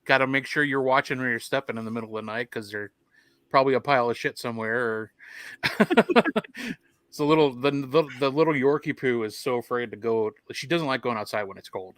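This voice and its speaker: Man, easygoing podcast chatter, bright tone. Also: mid-range voice, lively intonation, fairly quick, dry recording. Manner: easygoing, laughs often. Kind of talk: casual chat.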